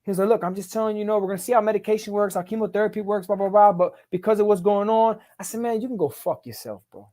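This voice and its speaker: A man's voice: sits high, fast talker, few pauses, warm tone. A middle-aged man telling his life story as a podcast guest in emphatic, profane street talk. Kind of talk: casual storytelling.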